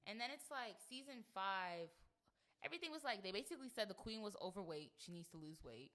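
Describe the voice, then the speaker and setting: A woman's voice: mid-range voice, lively intonation, a little fast, a bit bright. A young woman hosting a podcast in a casual, playful, chatty way. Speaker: podcast host. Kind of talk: casual chat.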